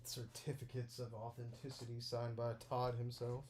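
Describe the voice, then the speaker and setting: Brief: young male vlogger, mid-pitched, casual excitable unboxing chatter, light background hiss. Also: normal speed. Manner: rambling and excitable, full of fillers like "like".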